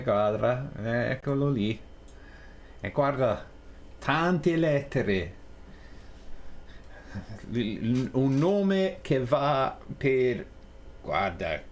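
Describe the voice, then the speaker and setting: A medium-pitched male voice comes through with a little background noise. The speaker is a live streamer programming on air who chats casually, talks through his thinking, jokes about himself, and switches between English and Italian.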